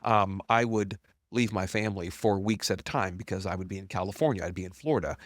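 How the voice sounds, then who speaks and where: Talking fast in a dry, studio-quality recording, a middle-aged company founder shares his story as a podcast guest. He's blunt, candid, and self-deprecating, and animatedly acts out quoted dialogue with big jumps in pitch.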